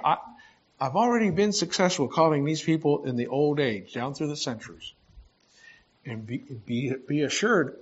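A man delivers a sermon, reading scripture verse by verse and breaking off to explain it in a plain, conversational way. He often stops mid-phrase and restarts as he talks. His voice sits in a middle pitch, and the recording sounds a little dull and lo-fi. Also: lively intonation, moderate pace, breathy edge. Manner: conversational Bible teaching with asides and restarts. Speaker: pastor.

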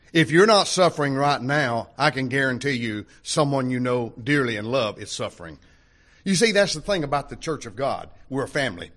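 An older male preacher speaks in a slightly high register. His sermon is folksy and conversational, leaning on plain sayings and questions put to the congregation. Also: fairly bright tone. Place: church hall before a congregation.

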